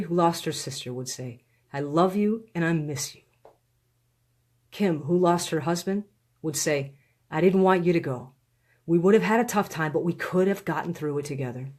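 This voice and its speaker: A woman reading her own book aloud in a live stream, pleading and heartfelt, with slow, deliberate phrasing. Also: sits low, a little mellow. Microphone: phone or webcam on a live stream.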